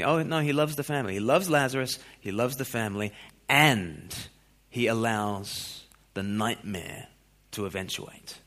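Expressive male preacher. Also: mid-range voice, normal speed. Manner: expressive, shifts between loud questions and quiet reading. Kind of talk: sermon.

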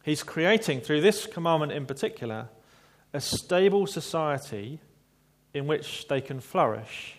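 A man preaching a sermon in a measured, reflective way, with small asides to his listeners. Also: on the high side, expressive.

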